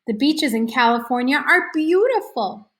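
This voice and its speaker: A woman voicing a kind, gently scolding mother in a storybook read-aloud. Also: high voice, expressive, normal speed. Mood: gentle.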